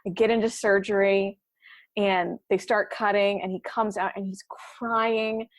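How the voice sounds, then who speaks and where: A woman's voice: mid-range voice, fairly even intonation, a little slow, no room sound. A woman, a podcast guest, telling a funny personal story in casual chat and acting out her own thoughts as quoted asides.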